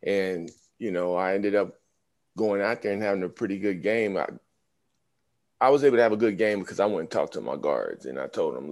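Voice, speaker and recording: His voice is low and a little fast as he recounts stories in a casual interview. He's a former pro basketballer in his fifties and an animated storyteller who acts out quoted voices.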